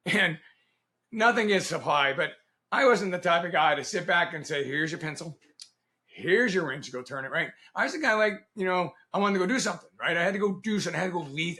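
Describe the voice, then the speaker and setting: Middle-aged man, guest storyteller, animated, slightly high voice, bright tone. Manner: animated, laughs often, acts out quoted dialogue. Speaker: guest, Navy veteran. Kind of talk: casual storytelling interview.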